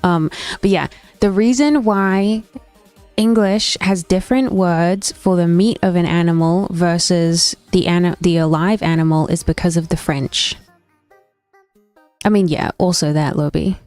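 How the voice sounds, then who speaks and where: This young woman streamer has a lowish, slightly mellow voice with fairly even intonation, speaking a little slowly with no echo. She chats casually with viewers, reacting to the stream chat with opinions and frequent restarts as she thinks aloud, and faint stream music runs underneath.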